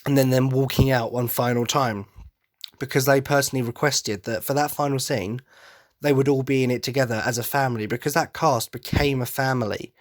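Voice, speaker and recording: Rambling, enthusiastic male podcast host. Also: medium pitch. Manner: rambling, self-correcting, enthusiastic. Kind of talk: casual podcast monologue.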